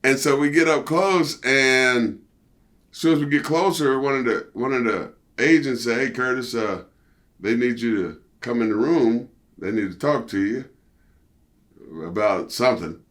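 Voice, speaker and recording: A middle-aged man, a former pro wrestler, telling stories in a casual interview, animated and profane, peppered with "you know" and "see". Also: a little slow. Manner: animated storyteller, jumps high for quoted outbursts.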